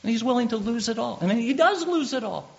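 Gravelly-voiced man preaching a sermon. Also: very high voice, fast talker. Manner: animated, repeats words when building up. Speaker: pastor. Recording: dull lo-fi recording.

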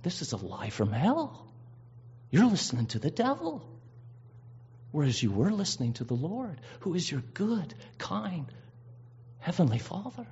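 A man's voice: high voice, wildly swooping pitch, measured pace, a little mellow. A man preaching a sermon, earnest and emphatic, drawing out key words and often restarting his phrases. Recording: dull lo-fi recording.

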